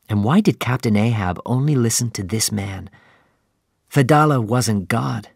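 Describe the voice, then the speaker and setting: A man narrating a simplified sea novel in a slow, clear, even storytelling manner. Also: mid-range voice, dry recording, studio quality. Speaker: audiobook narrator.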